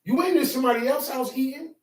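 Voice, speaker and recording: High-pitched emphatic preacher man. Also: quick pace, a little mellow, echoey room, recorded from a distance, low-quality recording. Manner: emphatic, streetwise preaching with call-and-response. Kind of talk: sermon teaching.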